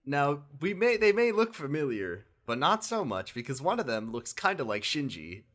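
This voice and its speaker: A man with a fairly high-pitched voice and moderate pace co-hosts a podcast, retelling a video game story casually. He's animated, laughs along, and acts out lines for the characters.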